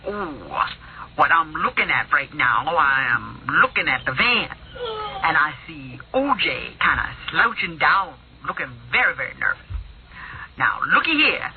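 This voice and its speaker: A woman's voice: deep voice, sing-song, a little slow, a crowd in the background, voice pushed down, exaggerated voice. A woman voicing a nervous male eyewitness calling in, drawling in slang and stammering. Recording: tinny phone-like radio audio.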